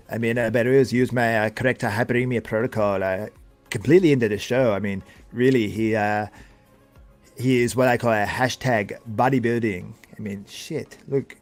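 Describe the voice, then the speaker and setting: A man's voice: mid-range voice, lively intonation, soft background music, natural voice. A man putting on a thick-accented old bodybuilding coach. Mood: boastful. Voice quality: strained, forced accent. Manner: halting, stacks "I mean" and "uh" fillers. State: voice getting sore. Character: heavy-accented older male bodybuilding coach.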